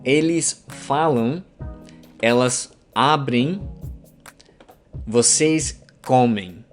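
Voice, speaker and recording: A man's voice: mid-range voice, very slow. A man from Alabama with a Southern American accent, teaching a beginner language lesson patiently, spelling out words and repeating examples. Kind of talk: scripted beginner grammar lesson. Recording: faint guitar music underneath.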